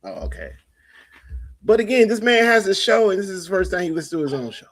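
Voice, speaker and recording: A man's voice: high voice, sing-song, quick pace. A man co-hosting a podcast in casual banter, teasing his friend and swearing freely. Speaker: podcast co-host.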